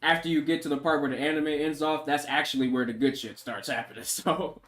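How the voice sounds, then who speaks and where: A man's voice: on the high side, fairly even intonation, a little fast, a bit bright, faint music behind. A man streaming casually while he draws, joking with his chat in slangy banter and laughing often.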